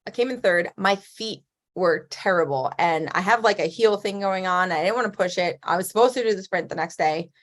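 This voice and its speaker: A woman's voice: fairly low pitch, fairly quick. Chatty woman athlete, laughing often. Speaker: guest athlete. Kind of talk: casual interview chat.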